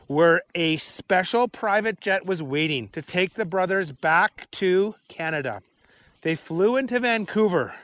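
A man reading a children's adventure story aloud in an unhurried, expressive way. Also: high-pitched, no room sound.

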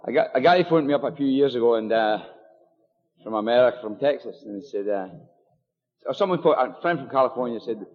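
A man's voice: mid-range voice, animated, brisk. A Scottish man from near Glasgow, older, telling his recovery story at a meeting in a chatty, joking way with many fillers and asides. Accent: Scottish, Glasgow area. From Scotland. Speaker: AA meeting speaker. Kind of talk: personal recovery talk at a meeting. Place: meeting hall with audience. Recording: dull live recording in a long-echo hall.

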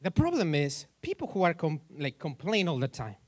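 A man's voice: a little high, wildly swooping pitch, moderate pace, dry recording. A male pastor preaching in a church in a loose, joking way, asking the congregation questions as he goes. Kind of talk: sermon.

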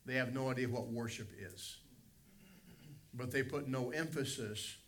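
A man's voice: mid-range voice, measured pace, fairly bright tone, slight background noise. A middle-aged man, a pastor, preaching a Sunday school lesson with emphatic swells of volume on key phrases.

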